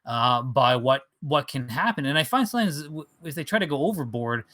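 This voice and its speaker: A man's voice: mid-range voice, animated, fairly quick, fairly bright tone. A man co-hosting a podcast in casual chat, talking eagerly with lots of "like" and "you know". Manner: filler-heavy, enthusiastic. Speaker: podcast co-host.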